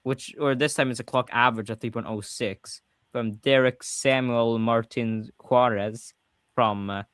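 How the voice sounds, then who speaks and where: A man's voice: mid-range voice, fairly even intonation, unhurried, a bit bright, smooth, no echo. A man with a Swedish accent hosting a casual livestream chat, talking freely and often correcting himself mid-sentence. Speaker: podcast host.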